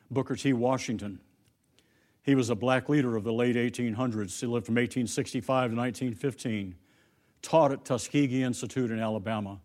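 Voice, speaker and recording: A man preaching a sermon, telling a story and lifting his voice for the quoted lines. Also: medium pitch.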